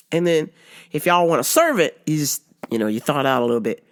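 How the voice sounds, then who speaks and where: A woman's voice: low-pitched, sing-song, a little fast. A woman hosting her show, telling a comic story in casual chat, profane and laughing often. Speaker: show host.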